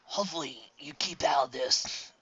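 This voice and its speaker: A man gives voice to a worn-out old orangutan who wheezes through his words. His speech drops into a breathy, raspy whisper and moves slowly, as if each breath costs him. The bright tone sits in a dull, lo-fi recording. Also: a little high, voice pushed up. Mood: wheezy. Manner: slow, wheezing, short of breath. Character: frail ancient male orangutan bar owner.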